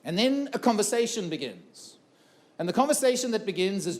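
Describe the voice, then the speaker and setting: High-voiced man telling his story. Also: very animated, brisk, darkish tone. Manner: earnest, repeats phrases for emphasis, asks the audience questions. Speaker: keynote speaker. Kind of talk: personal story told to a live audience. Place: conference room before a live audience.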